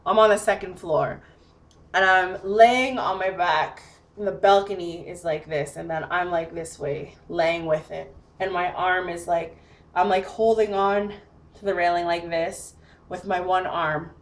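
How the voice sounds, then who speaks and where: Speaking a bit slowly in a fairly low voice, a woman vlogger recounts a casual story to her camera. Her delivery is animated and packed with fillers like "like" and "you know," and she acts out her own lines as she goes.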